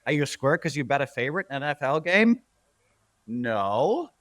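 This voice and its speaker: A man hosts a casual sports podcast, ranting emphatically and bantering with his co-hosts. His medium-pitched voice is sing-song and a bit bright at normal speed, captured in a dry, studio-quality recording.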